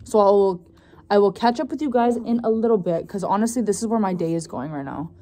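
A woman's voice: medium pitch, brisk, mellow. A young woman talking casually to her vlog viewers, loose and chatty with plenty of "like" and "um". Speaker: vlogger.

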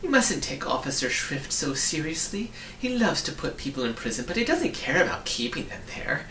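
A bossy, dismissive witch, voiced by a man, lifting her pitch and swinging it about as she scolds. Her tone is bright and sharp. It sounds roomy and a little distant, with a faint hiss. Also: sing-song, normal speed, exaggerated voice. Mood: scolding. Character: scolding brisk female witch.

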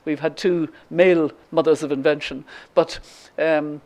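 A woman's voice: low voice, steady tone, a little slow, a little mellow. An Irish woman in her seventies giving a lecture, telling a story with many ums and restarts. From Ireland. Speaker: guest speaker. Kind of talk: lecture with anecdote.

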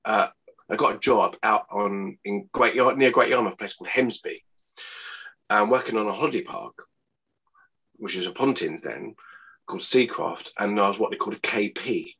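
A man, rambling and laughing as he chats in an interview, his voice not yet warmed up. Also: on the low side, normal speed, vocal fry, slightly rough. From Hertfordshire, England. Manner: rambling, chatty, laughs often, says mate. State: voice not warmed up, early morning. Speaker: impressionist guest. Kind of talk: casual interview chat.

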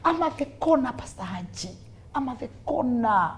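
A woman with a Kenyan accent, a guest sharing her faith testimony in an interview as a dramatic, lively storyteller. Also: high voice, normal speed. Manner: dramatic, lively storyteller who mixes in Swahili phrases.

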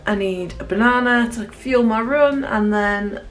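A British woman vlogging at home, chatting straight to her viewers in a relaxed way. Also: a little high, unhurried, faint music behind. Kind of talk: casual home vlog.

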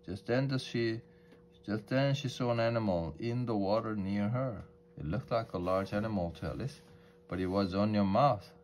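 Low-voiced guy reading a storybook for english learners, calm, careful pace. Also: slight background noise. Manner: calm, measured reading with small restarts.

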